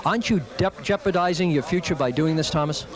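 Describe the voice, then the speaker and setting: A man's voice: fairly high pitch, quick pace, a crowd in the background. A man interviewing a boxer at a press conference, asking formal, pointed questions. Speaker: sports interviewer.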